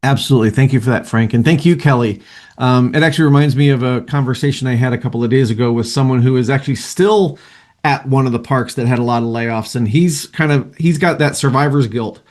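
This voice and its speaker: A man with a voice of middling pitch, hosting a group video call. He thanks people by name and keeps an encouraging, easygoing tone. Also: quick pace, darkish tone. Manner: encouraging, thanks each speaker. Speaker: support group host.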